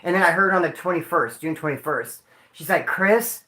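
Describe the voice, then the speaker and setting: A grieving man talks to his livestream viewers in a high, bright voice. He is slangy and emotional, calling them dude and homeboy. The room around him is echoey. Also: brisk. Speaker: livestream host. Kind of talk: casual livestream talk.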